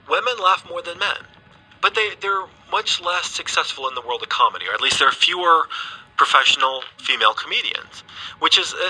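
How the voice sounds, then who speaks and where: Man as a radio guest expert, hesitant and patient, bright, husky tone. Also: a little high, rough recording. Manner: hesitant, restarts phrases, explains patiently. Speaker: guest scientist. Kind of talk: radio interview. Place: remote studio.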